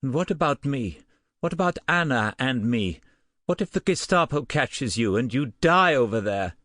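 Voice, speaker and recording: A male audiobook narrator voicing an anxious woman who pleads with her partner in a hushed voice. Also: medium pitch, expressive, measured pace, husky, dry recording, clean studio sound, voice pushed up. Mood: upset.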